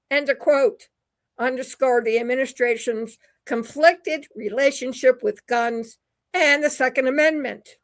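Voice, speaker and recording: A woman's voice: sits high, measured pace. A woman hosting a talk radio show, reading news quotes with sarcastic asides. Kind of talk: opinion commentary reading quotes.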